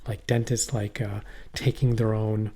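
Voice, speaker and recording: Rambling middle-aged man with a dark voice. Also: fairly low pitch, little pitch movement, measured pace, slightly rough. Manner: rambling, profane, trails off and restarts. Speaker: podcast co-host. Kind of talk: casual chat. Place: poorly heated shack.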